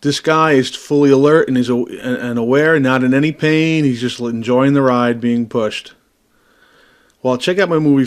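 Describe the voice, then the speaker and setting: A man giving an agitated, profane video commentary, pressing the viewer with repeated questions. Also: medium pitch. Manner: talks straight to the viewer with constant tag questions.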